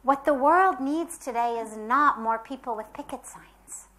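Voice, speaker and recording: A woman's voice: high-pitched, a bit bright. Earnest woman giving a spiritual talk. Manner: earnest, emphatic, pauses between phrases. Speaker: spiritual teacher.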